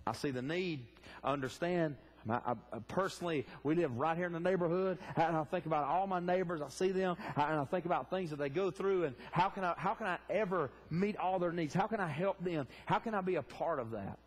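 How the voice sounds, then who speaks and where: A man's voice: a little high, fairly quick. A man preaching a sermon in a church, fervently asking the congregation direct questions. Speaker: pastor. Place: church sanctuary.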